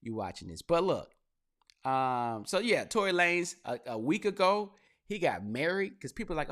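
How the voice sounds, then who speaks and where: A young man hosting his own podcast, talking casually and with energy, swinging into loud, laughing mock rants. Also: a little high, sing-song, normal speed. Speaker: podcast host. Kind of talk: casual commentary monologue.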